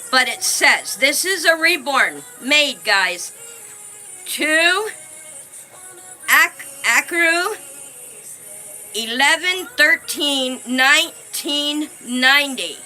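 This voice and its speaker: A woman chats casually on her live stream in a high, bright voice. She takes her time, thanking viewers by name and talking fondly. Faint music plays quietly behind her. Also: poor audio. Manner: chatty, thanks viewers by name, warmly fond of her dolls.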